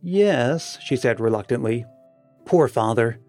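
A man voicing an earnest, sentimental elder sister while reading an audiobook, in a gentle manner. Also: medium pitch, animated, measured pace, faint music behind, voice pushed down. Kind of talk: read-aloud dialogue in an audiobook.

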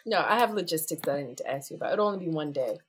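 A woman's voice: low voice, animated, rapid-fire, a little hiss or hum. A woman co-hosting a podcast in casual chat, teasing and playfully blunt with her friend. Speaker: podcast co-host.

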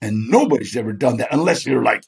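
A man with a mid-range, darkish voice, vocal fry, and a breathy edge talks fast and with animation. He's a guest in a chat interview, telling stories, acting out the people he quotes, and laughing frequently.

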